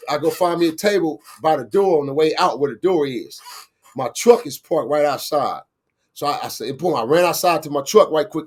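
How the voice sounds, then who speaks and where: A middle-aged man with a Los Angeles street accent, telling a story in an animated, slangy way and acting out the voices of the people in it. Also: fairly high pitch. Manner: acts out quoted voices, slangy, laughing asides. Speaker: guest storyteller, bounty hunter.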